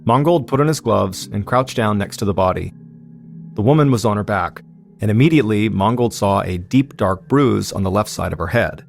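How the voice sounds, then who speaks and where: A man narrating a true-crime story in a steady, suspenseful scripted style as podcast host. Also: lowish voice, normal speed, vocal fry, faint music behind.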